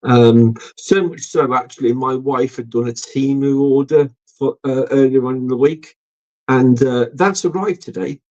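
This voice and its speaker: A man's voice: medium pitch, a little slow, warm tone. A middle-aged man hosting a casual live stream, rambling and swearing with lots of ums. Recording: dull lo-fi stream audio.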